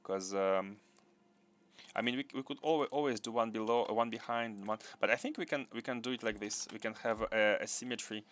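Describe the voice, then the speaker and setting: A man's voice: on the low side, brisk, a bit bright. A man hosting a live gameplay stream. He thinks aloud, repeats his phrases, chuckles often and chats with viewers. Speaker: gaming livestream host.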